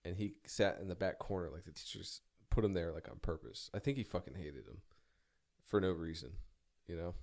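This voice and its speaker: A man's voice: low-pitched, brisk, creaky, darkish tone. A young man telling a personal story in a rambling, self-deprecating way, swearing casually and stumbling through many restarts.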